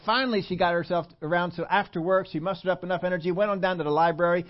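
A man's voice: sits high, racing. Preacher man telling a story. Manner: chatty, quizzes the audience, frequent restarts. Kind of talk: storytelling sermon. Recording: dull lo-fi recording.

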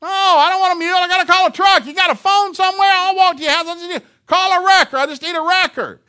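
A man voicing a young assistant coach from the city who is stuck in a ditch and yelling in frustration. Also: extremely high pitch, fast talker, pitched above the performer's own voice. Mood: frantic yelling. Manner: yelling, exasperated. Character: young male big-city assistant coach, frantic and impatient.

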